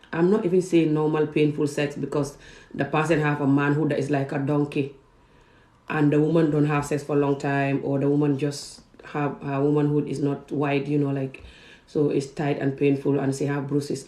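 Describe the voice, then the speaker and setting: A woman's voice: low voice, level tone, moderate pace, warm tone. Impassioned woman from West Africa. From Gambia and Senegal. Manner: emphatic, repeats words for stress. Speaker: vlogger. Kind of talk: impassioned personal monologue. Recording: roomy echo.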